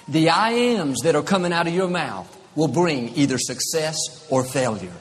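Male preacher, slightly high voice, emphatic sermon delivery, reverberant hall, faint ambience. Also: animated, normal speed, a little hiss or hum. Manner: emphatic, repetitive.

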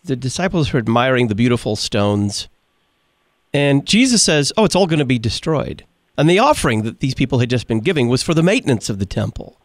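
A man's voice: medium pitch, very animated, fairly quick, dry recording, clean studio sound. A man hosting a religious radio talk show, posing questions to a guest in a conversational way. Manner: conversational, thinking aloud in questions. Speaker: radio host.

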